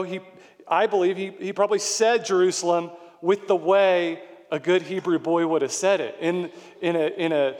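Man preaching, middle-aged, earnest and explanatory, slightly high voice, long hall reverb. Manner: earnest, explanatory preaching with emphatic repeated words. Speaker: pastor. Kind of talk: sermon.

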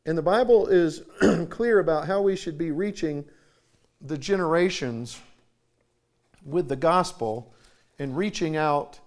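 A male preacher delivers his sermon through stories, his voice sitting a little high for a man. He pauses now and then to clear his throat and keeps a conversational storytelling flow.

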